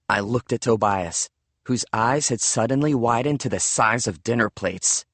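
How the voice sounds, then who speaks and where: A man narrating a first-person audiobook in a measured, steady way. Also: fairly low pitch, no room sound.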